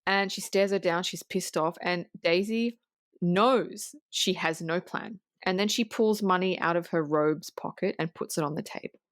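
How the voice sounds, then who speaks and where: A woman co-hosting a podcast, casually recapping a film scene in an animated, swear-laden way with lots of restarts. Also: fairly low pitch, normal speed, dry recording. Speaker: podcast co-host.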